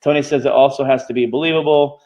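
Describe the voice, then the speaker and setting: A man teaching a live online marketing class, talking quickly and checking in with his students every few phrases. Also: mid-range voice, fairly even intonation, darkish tone, muffled recording. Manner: fast-talking, constantly checking in with "okay?". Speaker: marketing bootcamp instructor.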